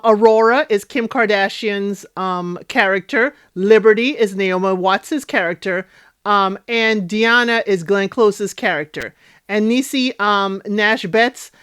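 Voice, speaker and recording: A woman hosting a casual TV recap and review, chatty and animated, talking straight to her viewers. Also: mid-range voice, dry recording, studio quality. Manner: chatty, animated, addresses viewers directly, frequent "you know" and "okay?". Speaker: TV recap host.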